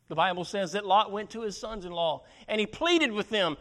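High-voiced man preaching a sermon. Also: animated, fairly quick, hardly any pauses, sharp tone. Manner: dramatic, acts out the Bible characters' lines.

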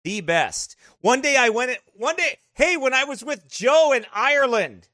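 A man telling casual stories over travel photos, animated and quick to laugh. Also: very high-pitched, no echo, studio quality. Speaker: vlogger showing travel photos. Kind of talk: casual storytelling.

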